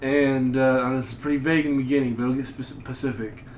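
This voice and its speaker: A man's voice: medium pitch, steady tone, fast talker, slight background noise. A man co-hosting a podcast, chatting and joking in a laid-back way. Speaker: podcast co-host. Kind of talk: casual chat and storytelling. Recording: roomy echo.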